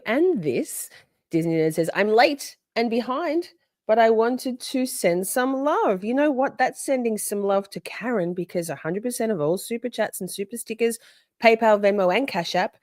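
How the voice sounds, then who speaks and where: A woman hosting a live stream, chatty and excitable, often exclaiming as she reacts. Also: mid-range voice, moderate pace, dry recording, studio quality. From Australia. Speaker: livestream host. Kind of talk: casual live-stream chat.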